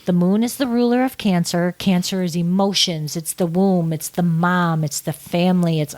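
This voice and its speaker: A woman astrologer, a podcast guest, explaining things in a warm, emphatic, casual way. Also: on the low side, animated, normal speed, hardly any pauses.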